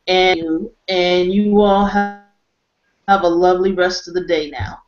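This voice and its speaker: A woman hosting a webcast panel discussion, wrapping up in a measured, conversational way. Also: fairly low pitch, steady tone, music in the background. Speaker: webcast host. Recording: dull lo-fi webcast audio.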